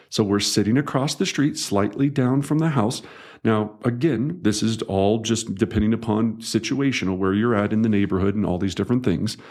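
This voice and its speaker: A middle-aged man with a fairly low voice reads his own sales training book aloud. He talks like a coach across the table, conversational and emphatic, and now and then acts out a quoted voice. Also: darkish tone. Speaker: real estate coach. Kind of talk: audiobook narration of a sales training.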